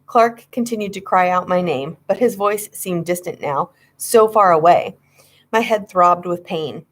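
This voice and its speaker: A woman's voice: fairly low pitch, measured pace. A woman narrating a children's horror story, reading with dramatic suspense. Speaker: audiobook reader.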